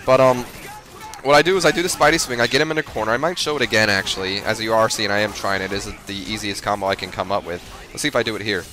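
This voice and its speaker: A man's voice: lowish voice, fast talker. A man giving rambling, self-deprecating gameplay commentary, full of fillers and restarts. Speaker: gamer.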